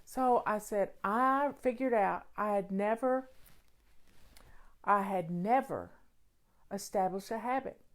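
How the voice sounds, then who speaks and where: A woman's voice: medium pitch, slow pace, pauses often. A woman hosting a casual question-and-answer show on home organizing, talking in an emphatic, folksy way and repeating key phrases.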